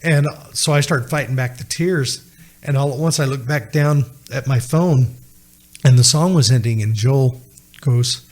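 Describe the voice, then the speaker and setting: A man's voice: mid-range voice, normal speed. A middle-aged man telling a personal story as a podcast guest, acting out the voices of the people he quotes.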